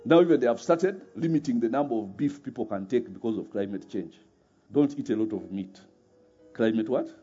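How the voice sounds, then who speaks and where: Lively preacher, man, husky and dark voice, tosses questions at the crowd and laughs a lot; muffled recording, faint music. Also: mid-range voice, fairly quick. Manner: laughs often, asks the audience rhetorical questions. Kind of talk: sermon.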